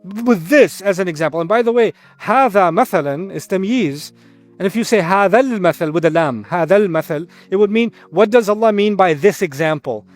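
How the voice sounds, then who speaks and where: A man's voice: high-pitched, fairly quick, soft background music. A man giving a Quran lesson, explaining Arabic words and acting out quoted speakers. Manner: animated, acts out quotes. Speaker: Quran teacher.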